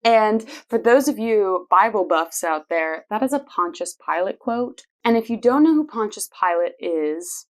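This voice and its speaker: A woman in her twenties, hosting her own show and playfully telling personal stories with frequent laughs. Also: medium pitch. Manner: chatty and playful, laughs often. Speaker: podcast host. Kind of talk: casual personal storytelling.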